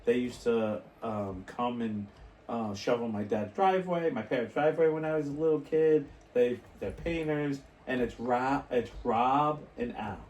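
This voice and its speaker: A man's voice: medium pitch, darkish tone, distant mic, slight background noise. Guy on a podcast rambling thru a story, sounds a bit off mic in an echoey room. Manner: storytelling, rambling, quick restarts and laughs. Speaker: podcast co-host. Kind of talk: casual chat.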